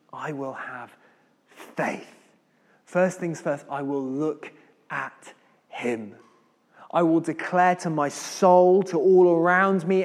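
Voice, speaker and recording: Slow, deliberate preacher in an echoing hall. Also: male voice, a little high. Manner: slow, deliberate delivery with dramatic rises and drops in volume. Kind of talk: sermon with scripture reading. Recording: long hall reverb.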